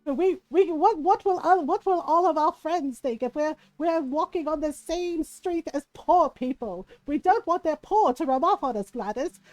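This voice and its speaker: A haughty posh older lady with an old-fashioned mid-Atlantic drawl, as a woman puts her on, loud and appalled. Her voice sits high and carries a little louder than the performer's usual talk, and it sounds close and dry. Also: moderate pace, few pauses, no room sound, natural voice, poor audio. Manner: loud, haughty, clutching pearls.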